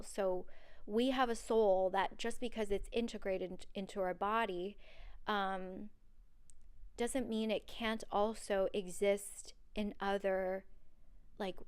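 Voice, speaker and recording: A woman's voice: medium pitch, clean tone. A woman hosting a solo podcast, talking in an earnest, personal and rambling way with many fillers. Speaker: podcast host. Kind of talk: solo podcast monologue on dreams.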